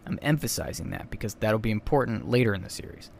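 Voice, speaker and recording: A man's voice: lowish voice, expressive, fast, creaky, darkish tone, a little hiss or hum. A young adult man hosting a solo podcast, talking in a chatty, rambling way with many asides and self-corrections. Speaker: podcast host. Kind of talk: casual solo podcast commentary.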